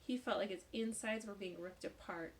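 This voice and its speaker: A woman reading a children's novel aloud with expressive voices. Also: mid-range voice, normal speed, slight background noise. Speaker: storybook reader.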